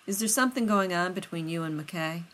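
A gruff, blunt man who grunts his words, as a woman reader puts him on. He speaks plainly and without fuss in a storybook reading, in a fairly low voice. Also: brisk, fairly bright tone, slight background noise, lightly acted. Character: gruff, blunt male teammate.

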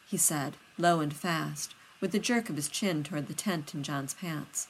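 A woman reading fiction aloud as audiobook narration, steady and unhurried. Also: low voice, low-quality recording. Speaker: reader.

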